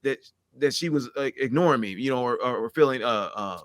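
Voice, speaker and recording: A man's voice: medium pitch, expressive, brisk, dry recording. A middle-aged man talking candidly and at length, rambling and acting out the conversations he recounts. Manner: rambling, earnest, acts out quoted exchanges. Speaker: podcast guest.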